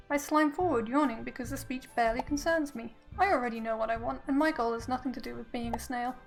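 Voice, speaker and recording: Giggly high-voiced woman streamer. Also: fast talker, few pauses, soft background music, low-quality recording. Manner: giggly, playful asides. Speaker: let's play streamer. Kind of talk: reading a visual novel aloud with commentary.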